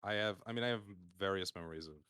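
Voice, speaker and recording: A man with a low, deep voice and a bright, forceful edge talks casually on a live call panel. He rambles, hesitates and restarts, padding his thoughts with fillers. The sound is dry and close. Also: fast talker, clean tone, dry recording. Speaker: community roundtable guest. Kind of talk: casual panel chat on a stream.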